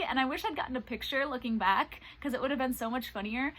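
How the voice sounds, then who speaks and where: Lively young woman telling dog stories. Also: sits high, fast, low-quality recording. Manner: animated retelling, acts out quoted voices. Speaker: service dog handler and vlogger. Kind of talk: casual storytelling vlog.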